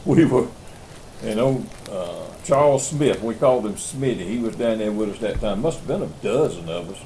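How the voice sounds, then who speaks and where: A man's voice: fairly low pitch, lively intonation, moderate pace, mellow, a little hiss or hum, rough recording. Older South Carolina man in his 70s; rambling, folksy campfire storyteller. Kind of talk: casual storytelling.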